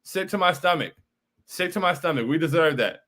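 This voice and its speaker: A man's voice: a little high, animated, a little fast, a bit bright. A young man hosting a postgame livestream, frustrated and repetitive, often saying bro while reacting to chat. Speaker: postgame show host.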